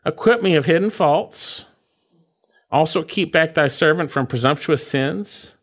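A man's voice: fairly high pitch, a little slow, a bit bright. A man preaching an expository sermon, explaining word meanings and repeating key phrases with emphatic stress. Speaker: pastor.

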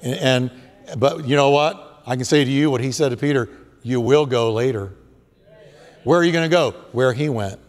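A man's voice: medium pitch, a little fast. A male pastor delivering a sermon, emphatic and repetitive, in a church sanctuary. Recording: long hall reverb.

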